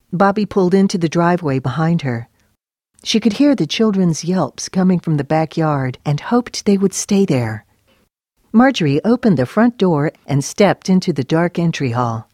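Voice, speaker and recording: A woman with a low voice reads a story aloud in a steady, even way. The recording is close and dry, with no room sound. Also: no room sound. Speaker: narrator. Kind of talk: scripted narration.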